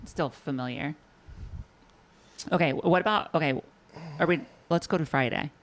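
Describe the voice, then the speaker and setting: A man's voice: on the high side, normal speed, fairly bright tone. A man co-hosting a podcast in casual chat, curious and a bit hesitant, asking many questions. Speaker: podcast co-host.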